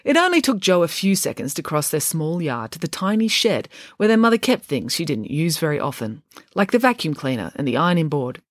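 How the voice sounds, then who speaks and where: A woman reading a children's story aloud with a wry, expressive delivery. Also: low voice, brisk, no echo, studio quality. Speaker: narrator.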